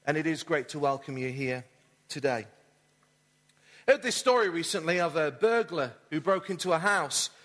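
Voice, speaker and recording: A man's voice: fairly high pitch, lively intonation, normal speed, a bit bright. A man, a church pastor delivering a friendly, story-led sermon with light humour. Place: church auditorium. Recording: reverberant church hall.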